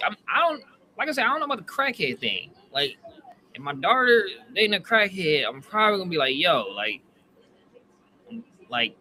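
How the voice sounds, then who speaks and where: A man's voice: sits high, pushed and bright, a little hiss or hum. A young man co-hosting a comedy podcast, chatting casually in a rambling, hesitant way full of "like". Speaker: podcast co-host.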